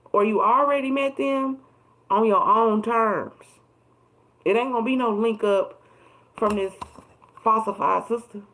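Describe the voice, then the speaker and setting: A woman's voice: fairly high pitch, vocal fry, fairly bright tone, low-quality recording. A woman giving a casual, emphatic tarot reading on a livestream, with plenty of swearing and repeated words for emphasis. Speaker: tarot reader.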